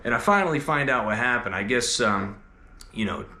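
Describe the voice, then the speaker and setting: A man's voice: mid-range voice, animated, fairly quick, pushed and bright, slight background noise. A man in his twenties telling a story in a casual, rambling way, full of filler words. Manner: laid-back, rambling, heavy filler words. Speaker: host. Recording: roomy echo.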